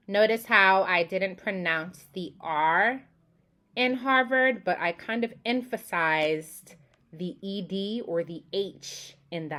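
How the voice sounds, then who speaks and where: A young woman from the Boston area giving a casual class presentation, often pausing with "um" and demonstrating pronunciations aloud. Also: on the low side, fairly bright tone. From Boston area, USA. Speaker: student presenter.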